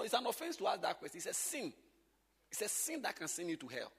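A man's voice: high-pitched, fast, breathy edge, in a large hall. A man, teaching church workers in an emphatic, repetitive way. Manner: animated, emphatic, repeats points.

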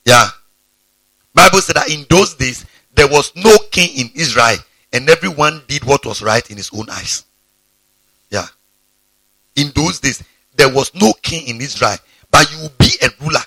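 A male pastor preaches a sermon, his gravelly voice swinging widely in pitch and leaping into sudden high exclamations. The tone is bright and a little husky, and the recording is dry and close. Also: animated, normal speed, long pauses, no room sound.

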